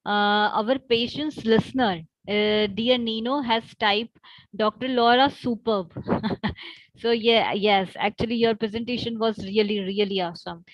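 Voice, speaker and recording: A woman's voice: on the high side, fairly even intonation, a little slow, dry recording. A woman moderating an online summit, calling each guest "dear" and inviting them to speak. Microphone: video call. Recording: dry, dull video-call audio.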